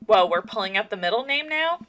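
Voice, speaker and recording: A woman's voice: mid-range voice, expressive, a little fast, fairly bright tone, slight background noise, natural voice. A woman voicing a blunt, sassy teenage daughter in a casual, offhand way.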